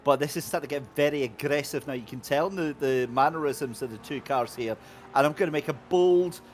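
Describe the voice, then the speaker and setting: A man commentating a sim race, excitable and jokey as he banters with his co-host. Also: on the high side, fairly quick, slight background noise.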